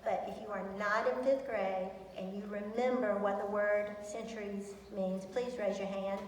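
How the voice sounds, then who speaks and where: A woman's voice: medium pitch, steady tone, normal speed, a little hiss or hum. A woman teacher presenting to students, chatty and enthusiastic, with many ums. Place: large echoey school hall. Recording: echoey hall from far off.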